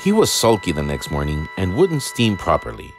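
A man reads a children's train story aloud, low-pitched and unhurried, with a very animated, swooping delivery. Music plays clearly behind him. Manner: slow, expressive reading. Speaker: narrator. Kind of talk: storybook narration.

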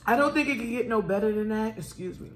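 A woman's voice: fairly high pitch, fast. A middle-aged woman talking candidly about motherhood with her daughter over a meal at home, blunt and swearing freely. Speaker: mother of the host, guest. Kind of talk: casual family chat over a meal. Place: room at home. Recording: roomy echo, faint background noise.

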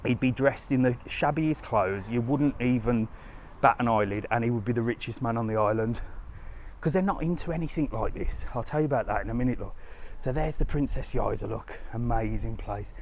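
A man's voice: medium pitch, a little fast, slight background noise. Chatty man live-streaming a walking tour. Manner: chatty, rambling, laughs often; drops to a hushed whisper indoors. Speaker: travel vlogger streaming live. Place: outdoors in a resort town, walking.

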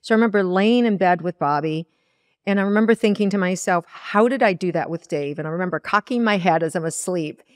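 On a podcast, a spiritual teacher from Iowa talks fast in a lowish voice, telling a personal story earnestly. She animatedly voices her past words and inner dialogue, and the recording is dry with clean studio sound.

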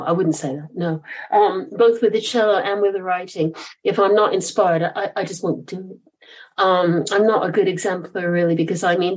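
An older woman chats as a podcast guest in a husky, slightly breathy voice. She tells stories animatedly and pokes fun at herself as she goes. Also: lowish voice, low-quality recording. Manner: chatty, self-deprecating, animated storyteller. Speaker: guest author and former cellist. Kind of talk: podcast interview.

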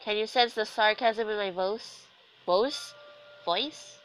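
Sick girl doing let's play commentary, sore throat, bright voice, chatty and kinda sarcastic. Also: medium pitch, fairly even intonation, moderate pace, smooth, soft background music, poor audio. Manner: chatty, self-deprecating, sarcastic asides. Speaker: gaming commentator.

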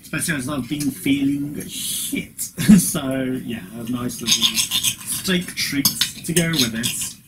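A man's voice: medium pitch, takes it slowly, noisy background. A man chatting casually in a home product review vlog, rambling with lots of "you know" fillers. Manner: chewing while talking at times. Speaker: vlogger.

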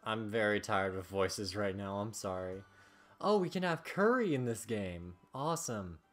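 A man's voice: lowish voice, animated, moderate pace, fairly bright tone, soft background music. A young man hosting a let's play, chatting casually, joking and reading game text aloud.

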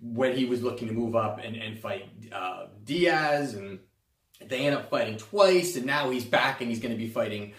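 A man's voice: medium pitch, lively intonation, normal speed, far from the mic. Man hosting a fight podcast, roomy. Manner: casual, loose talk with many fillers and restarts. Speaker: host. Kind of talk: sports betting podcast commentary.

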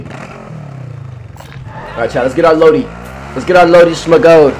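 A man's voice: on the high side, normal speed, darkish tone, slight background noise. A young man streaming a video game, chatting casually with his viewers in a playful, teasing way, full of slang and repeated phrases. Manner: slangy trash talk to chat. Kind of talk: casual live-stream chat.

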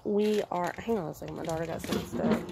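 A woman's voice: lowish voice, a little fast, vocal fry, background noise. Chatty woman vlogging outdoors. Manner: chatty, folksy, breaks off to talk to her child. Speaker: vlogger, mother. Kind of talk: casual vlog chat. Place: outdoors in a backyard.

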